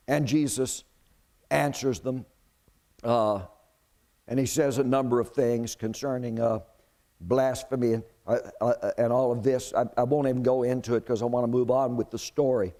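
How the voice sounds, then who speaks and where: A male preacher delivering a sermon, retelling a Bible story in an animated way and putting questions to the congregation. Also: medium pitch, normal speed.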